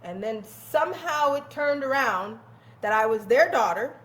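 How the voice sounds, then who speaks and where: A young woman telling a personal story in a candid, animated way, swearing freely and laughing often. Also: a little high, unhurried. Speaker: guest telling her life story. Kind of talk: casual storytelling.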